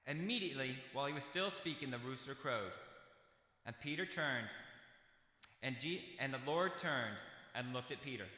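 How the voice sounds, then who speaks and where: A man's voice: medium pitch, animated, normal speed, sharp tone. An American man preaching a sermon in a church, reading scripture and adding folksy, conversational asides. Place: church sanctuary. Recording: echoey church hall.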